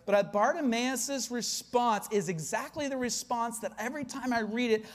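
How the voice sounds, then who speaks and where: A pastor preaching a conversational sermon, with many fillers, who swings between loud emphasis and hushed, quiet lines. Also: medium pitch, normal speed, few pauses.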